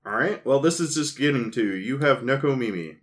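A man acting as game master of a tabletop role-playing game, talking in a relaxed, halting way with many fillers. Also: mid-range voice.

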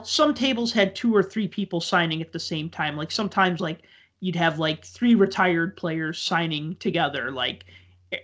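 A man's voice: on the high side, bright, forceful tone. Rambling man telling a story. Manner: rambling, filler-heavy with many likes and ums. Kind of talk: casual storytelling chat.

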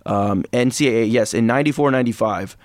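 A man's voice: medium pitch, quick pace, dry recording. Dry-sounding rambling sports podcast man. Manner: rambling, digressive, breaks into goofy impressions. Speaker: podcast co-host. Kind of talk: casual sports chat.

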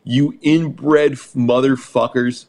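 A man co-hosting a podcast, talking fast and profanely, often slipping into mocking voices. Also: medium pitch, steady tone, darkish tone. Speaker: podcast co-host. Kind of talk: casual chat.

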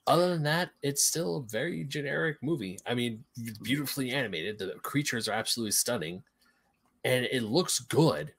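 A man co-hosting a casual review chat, his voice sitting in a middle pitch. He speaks in a relaxed, plain way. The talk stays easygoing and unhurried. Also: gravelly, husky. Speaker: podcast co-host.

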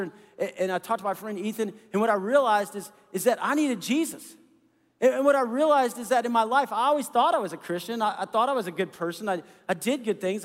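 Middle-aged male pastor, earnest storyteller, fairly high voice, long hall reverb. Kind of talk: sermon.

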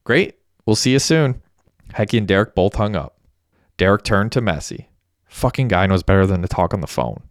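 A man reading a story aloud as a narrator, in a steady, even storytelling manner. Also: sits low, fairly quick, dry recording, clean studio sound. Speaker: audiobook narrator. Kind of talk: scripted narration.

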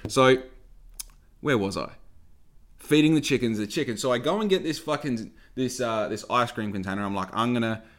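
A man's voice: medium pitch, animated, moderate pace, fairly bright tone. Young aussie guy rambling on his podcast, swears a ton, goes off on tangents. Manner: rambling, profane, digressive. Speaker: podcast host. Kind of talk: casual storytelling.

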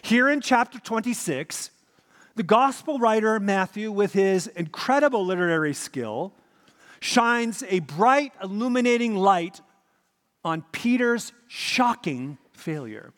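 A man's voice: high-pitched, lively intonation, slow, fairly bright tone, big-room sound. A man preaching a sermon as pastor, telling the story dramatically and repeating his key points.

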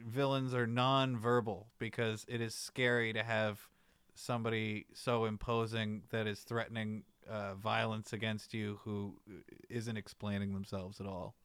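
A man co-hosting a casual comedy podcast, speaking in a fairly low, smooth and resonant voice. His delivery is dry and deadpan. The sound is close and dry, with no room echo. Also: a little slow. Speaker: podcast co-host.

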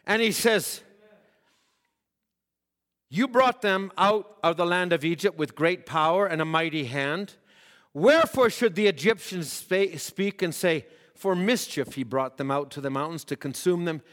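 A man's voice: a little high, expressive, unhurried, long pauses, fairly bright tone, in a large hall. A man preaching a sermon, reading scripture aloud and building to emphatic, rising appeals. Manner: preaching with rising emphasis, voicing quoted prayers.

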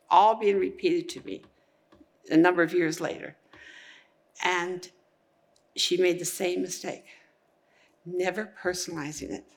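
A middle-aged woman tells her testimony to a church congregation in a low, gravelly voice. She rambles earnestly, circling back and restarting as she goes. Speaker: church member giving testimony.

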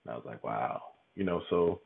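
A man giving a candid interview, talking haltingly, repeating words and laughing often. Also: very deep voice, lively intonation, creaky, crowd noise. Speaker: podcast guest. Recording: tinny phone-like line.

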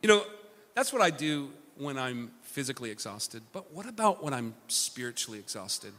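A man's voice: mid-range voice, big pitch swings, normal speed, a bit bright, big-room sound. A man preaching a sermon, earnest and self-deprecating, often restarting his sentences. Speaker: pastor.

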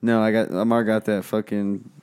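Smooth-voiced, dry-witted podcast co-host. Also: male voice, on the low side, level tone, normal speed, a little mellow. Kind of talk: casual chat.

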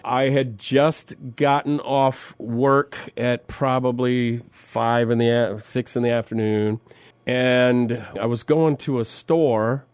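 A man's voice: mid-range voice, fairly even intonation, slow pace, smooth, no echo. A man from Minnesota co-hosting a radio morning show, telling a story in easygoing, wry on-air banter. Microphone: studio microphone.

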